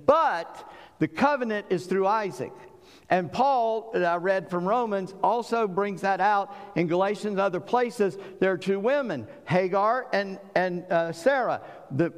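A man's voice: a little high, long reverb tail. A man preaching a sermon with emphatic delivery, voicing figures from scripture as he goes. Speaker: pastor.

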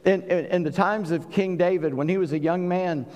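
A man from South Carolina with a Southern accent, preaching a sermon and swinging between booming and hushed delivery. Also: normal speed, in a large hall, muffled recording. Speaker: pastor.

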